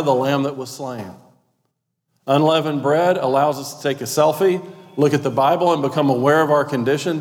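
A man preaching a sermon, emphatic and repetitive, with conversational asides to the congregation. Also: fairly high pitch. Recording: long hall reverb.

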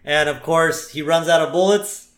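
A man's voice: on the high side, moderate pace, fairly bright tone. A man co-hosting a podcast, casually recapping a cartoon episode, laughing often and quoting lines. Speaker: podcast co-host. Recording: roomy echo.

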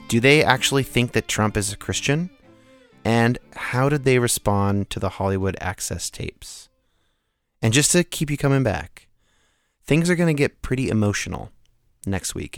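A man hosting a podcast, presenting interview clips in a relaxed, jokey way. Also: on the low side. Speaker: podcast host.

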